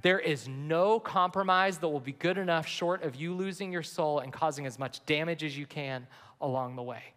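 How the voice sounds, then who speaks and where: A man's voice: on the high side, normal speed, a bit bright. A man, a pastor, preaching an earnest sermon to his church and reading scripture aloud. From United States. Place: large church sanctuary. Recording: long hall reverb.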